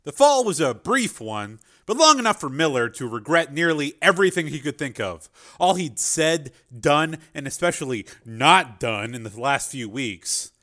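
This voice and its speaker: A man's voice: a little high, very animated, moderate pace, bright, forceful tone. A man narrating a chapter of an adventure novel as an audiobook reader. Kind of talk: scripted narration.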